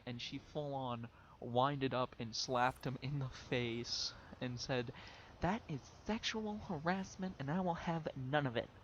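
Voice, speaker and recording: A man's voice: medium pitch, a bit bright, dull audio, slight background noise. A young man, a vlogger, telling a story in a casual way and laughing often as he talks.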